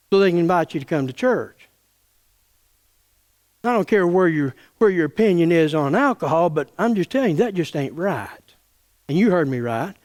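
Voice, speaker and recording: A middle-aged pastor, preaching an angry, folksy sermon full of stammered restarts. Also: male voice, high-pitched. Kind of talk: fiery sermon.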